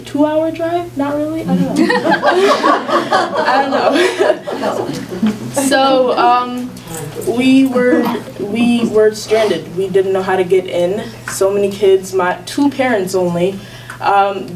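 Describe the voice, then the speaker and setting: A teenage girl telling a personal story at a school event, talking casually with lots of fillers and laughter. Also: medium pitch. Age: teens. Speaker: student storyteller. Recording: distant mic with faint room ambience.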